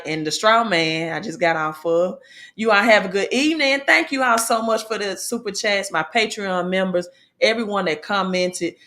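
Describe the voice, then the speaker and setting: A woman hosting a casual livestream, talking in an animated, preachy way and correcting herself as she goes. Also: medium pitch. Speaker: livestream host.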